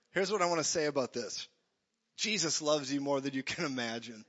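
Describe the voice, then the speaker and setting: A man preaching an energetic sermon, joking and acting out voices as he goes. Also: medium pitch. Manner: animated, jokey, acts out voices. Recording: dull echoey hall.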